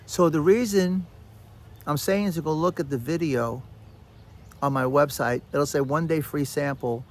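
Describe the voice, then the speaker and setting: A man with a somewhat high voice hosts a podcast in a casual self-help monologue. He tells stories in an animated way, repeats phrases for emphasis and talks straight to the listener. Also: a little slow. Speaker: podcast host.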